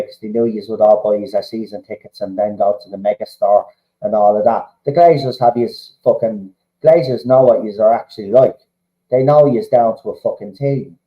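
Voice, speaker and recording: A man, a football fan vlogger, ranting angrily and heatedly, swearing a lot and tagging his points with "right?". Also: medium pitch. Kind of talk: angry match reaction rant. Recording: roomy, dull lo-fi sound.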